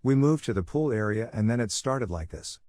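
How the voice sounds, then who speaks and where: A man reading a first-person story aloud in steady scripted narration. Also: mid-range voice, brisk, no echo, studio quality.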